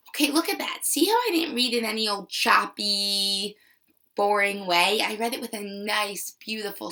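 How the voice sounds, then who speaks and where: A woman teacher giving a slow, expressive, encouraging video reading lesson to young children. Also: medium pitch, recorded from a distance.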